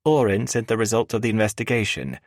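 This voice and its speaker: A man's voice: lowish voice, lively intonation, no room sound, clean studio sound, voice pushed up. A man voicing a firm, professional female assistant on the phone in an audiobook. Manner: brisk, businesslike.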